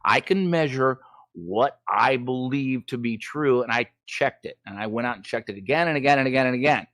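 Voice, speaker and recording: A man's voice: mid-range voice, lively intonation, normal speed, fairly bright tone, no room sound. A man calling into a show, talking in a ranting, swearing, heated way, then apologizing for it. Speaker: caller. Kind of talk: casual call-in chat.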